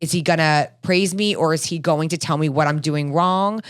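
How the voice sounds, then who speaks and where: Woman, low voice, lively storyteller who acts out her thoughts in casual chat. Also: normal speed, clean tone, no room sound, studio quality. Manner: animated storytelling, acting out her own thoughts. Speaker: podcast co-host.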